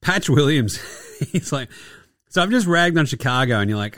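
A man's voice: mid-range voice, animated, normal speed, fairly bright tone, dry recording, studio quality. A young adult man hosting a casual basketball podcast, crude and sarcastic, swearing and laughing often. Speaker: podcast host.

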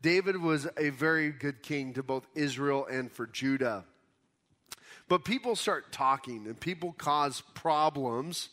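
Higher-voiced man preaching a sermon. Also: a bit bright. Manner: casual, explanatory, retells scripture in everyday words. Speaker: pastor. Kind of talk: conversational Bible teaching sermon.

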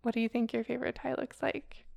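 A woman's voice: fairly high pitch, little pitch movement, fast talker, creaky, a little mellow. A woman co-hosting a podcast, chatting casually and leading a storytelling segment. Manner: chatty, laughs easily, leads the storytelling. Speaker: podcast co-host telling a ghost story. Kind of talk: casual chat.

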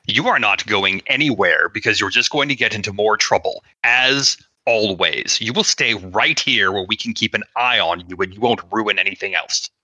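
A man's voice: fairly low pitch, normal speed, hardly any pauses, pushed and bright, no room sound, rough recording. A man playing a stern, scornful family man. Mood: accusing. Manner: scolding, scornful. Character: stern, accusing, hot-tempered family man.

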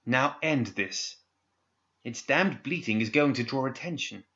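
Male narrator doing a commanding older girl, curt and scolding, bright and pitched up. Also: expressive, measured pace, highs cut off. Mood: stern. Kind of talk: audiobook character voice.

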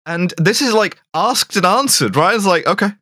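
A man's voice: high voice, animated, moderate pace, sharp tone, no echo, clean studio sound. A man co-hosting a podcast, recapping a film in a rambling, jokey way with lots of fillers. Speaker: podcast co-host. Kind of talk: casual chat recapping a film.

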